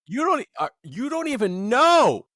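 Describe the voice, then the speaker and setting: A man co-hosting a casual podcast, excitable and joking, swearing freely. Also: very high-pitched, moderate pace, no echo, clean studio sound. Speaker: podcast co-host. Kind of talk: casual chat.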